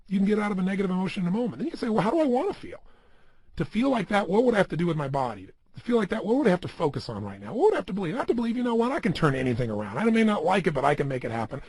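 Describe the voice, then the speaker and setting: Husky guy doing a pumped-up motivational talk, lots of rhetorical questions, voice bouncing all over, pretty high. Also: dry recording. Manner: emphatic, full of rhetorical questions. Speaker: motivational speaker.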